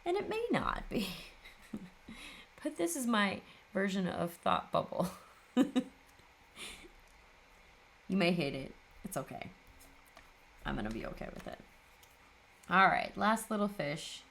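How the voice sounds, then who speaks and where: A woman's voice: on the low side, big pitch swings, slow, vocal fry, pauses often, fairly bright tone, slight background noise. A woman hosting a papercraft video, chatting casually and tiredly as she works, often laughing at herself. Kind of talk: casual chat while crafting.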